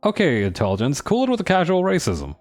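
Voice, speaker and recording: A man's voice: fairly high pitch, huge pitch swings, fast talker, soft background music. A man casually commenting on a role-playing game as he plays, with a wry, sarcastic manner, reading the game's text aloud along the way. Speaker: gaming streamer playing a role-playing video game.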